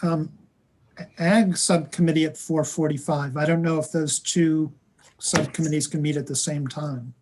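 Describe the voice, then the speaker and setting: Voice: medium pitch, steady tone, normal speed, background noise. A committee delegate asking polite questions and sorting out meeting times.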